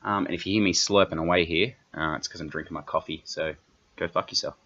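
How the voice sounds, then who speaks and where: A man's voice: low-pitched, steady tone, fast, pushed and bright, highs cut off, a little hiss or hum. A young Australian man hosting a solo comedy podcast, rambling and swearing constantly in a brash, offhand way. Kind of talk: profane solo podcast rant.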